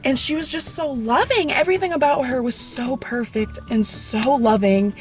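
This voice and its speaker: A young woman vlogger telling a personal story in a soft, heartfelt way to her viewers. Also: high-pitched, faint music behind. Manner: soft, heartfelt, slow and tender. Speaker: reptile vlogger.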